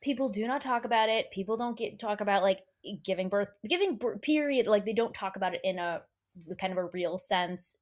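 A woman's voice: mid-range voice, brisk. A woman, a mother, talking earnestly in casual chat, repeating points for emphasis. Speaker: podcast host, mother.

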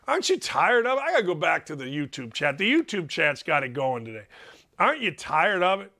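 A man's voice: a little high, big pitch swings, fairly quick, pushed and bright. A man hosting a sports talk show, ranting with sarcastic, emphatic opinions.

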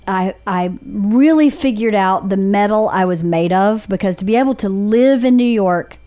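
A woman in her forties with a Southern accent from Georgia, hosting a podcast and telling candid stories with lively quoted voices. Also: mid-range voice, normal speed. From Georgia, USA. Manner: candid storytelling with animated put-on quotes. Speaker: podcast host. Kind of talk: casual chat.

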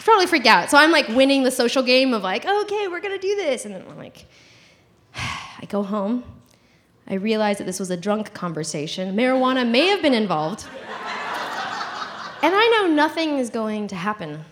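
Animated high-voiced woman telling a story. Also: moderate pace, pauses often. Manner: animated, giggly, acts out quotes. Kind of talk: live comic storytelling.

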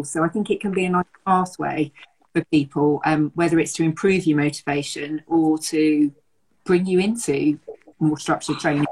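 A woman running coach with a fairly low, husky voice. She talks thoughtfully in a measured, reflective way and sometimes laughs softly. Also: fairly even intonation, rough recording. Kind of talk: casual chat.

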